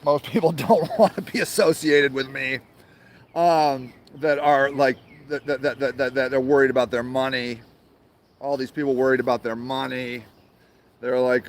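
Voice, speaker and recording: A man's voice: medium pitch, fairly even intonation, normal speed, slight background noise. A man hosting his own show from an outdoor garden, ranting angrily and sarcastically, swearing a lot and repeating himself. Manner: angry, profane, sarcastic, repetitive. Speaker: show host. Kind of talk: profane outdoor rant.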